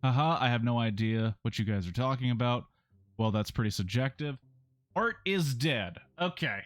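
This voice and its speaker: A man's voice: medium pitch, a little fast, clean tone, no echo. A man streaming a game, making wry, joking comments while reading aloud.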